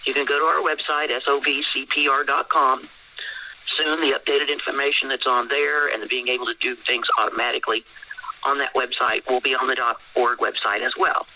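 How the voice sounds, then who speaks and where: A man's voice: medium pitch, flat delivery, fairly quick, pushed and bright, low-quality recording. A man hosting a call, pressing listeners with rhetorical questions in an insistent tone. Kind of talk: sermon-style call talk.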